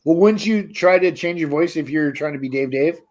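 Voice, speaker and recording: A man co-hosts a casual podcast chat in a slightly high voice. He is blunt and jokey and swears freely. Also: fairly quick. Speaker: podcast co-host.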